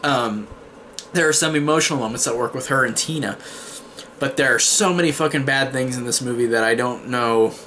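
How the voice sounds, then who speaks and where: A man's voice: medium pitch, fairly quick, bright, forceful tone, slight background noise. A man giving a casual spoiler review of a horror film, retelling the plot in long "and then" chains with casual swearing.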